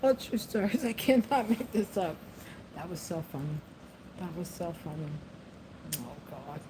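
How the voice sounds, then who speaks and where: A woman's voice: on the low side, animated, moderate pace, background noise. A woman chatting casually to the camera, rambling, laughing often and talking to her pet. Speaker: vlogger.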